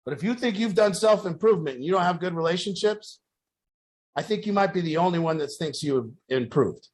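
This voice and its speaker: A man's voice: sits high, expressive, fairly quick, a little mellow. A man speaking bluntly to a group, mixing tough advice with stories. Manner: blunt, profane, storytelling with acted quotes. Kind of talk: blunt motivational talk to a group.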